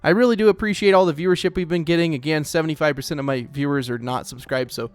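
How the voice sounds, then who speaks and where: This young man from Oklahoma has a fairly high voice and an Oklahoman accent, and he talks fast on a dry recording. Hosting a casual gameplay let's play, he keeps up a chatty, rambling, self-deprecating patter.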